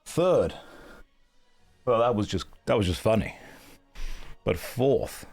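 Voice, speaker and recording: A man hosting a casual game stream in a groggy, just-woken-up voice. His tone sits very low and deep, and he jokes drily at his own expense. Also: expressive, slow, gravelly, a little mellow, faint music behind. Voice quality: groggy morning voice. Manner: dry, joking, self-mocking. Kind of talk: casual live-stream chat.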